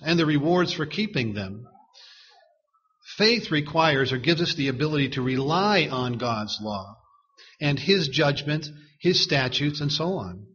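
Husky-voiced man preaching a sermon. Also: fairly high pitch, a bit bright, lo-fi sound. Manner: measured, emphatic, repeats words for stress.

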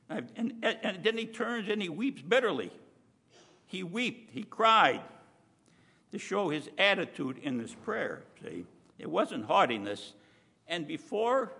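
A man with a somewhat high, gravelly voice preaches a sermon, heard with a long hall reverb. He talks in a conversational, emphatic way, dropping in asides to the listeners and slowing down to lean on key words. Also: fairly bright tone.

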